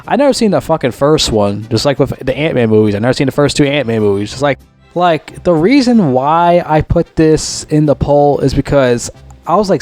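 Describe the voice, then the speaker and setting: A man talks through a movie in a loose, rambling review, swearing constantly and circling back over the same points. His voice sits at a middling pitch but shoots up when excitement takes over. Faint music plays behind him. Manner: rambling, heavy swearing, repeats himself; gets loudly excited and higher when retelling scenes. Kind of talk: casual movie review vlog.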